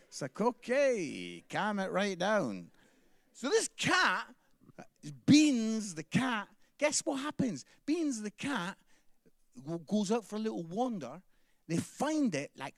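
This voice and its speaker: Chatty Scottish comedian, high lively voice. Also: male voice, no echo, studio quality. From Scotland. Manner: chatty, tags lines with "yeah?". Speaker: stand-up comedian. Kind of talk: stand-up comedy set.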